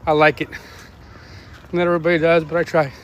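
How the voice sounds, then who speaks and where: A middle-aged man chatting casually while walking his dogs outdoors, rambling, swearing freely and barking quick commands at the dogs. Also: fairly high pitch, level tone, muffled recording, a little hiss or hum. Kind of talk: casual live-stream chat. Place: outdoors on a neighborhood walk.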